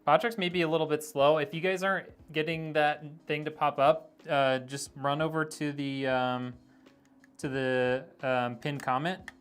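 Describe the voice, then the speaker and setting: A man's voice: fairly high pitch, level tone, moderate pace, fairly bright tone, clean tone, soft background music. A middle-aged man live-streaming a PC build, chatting casually, thinking aloud with plenty of ums and likes while he works.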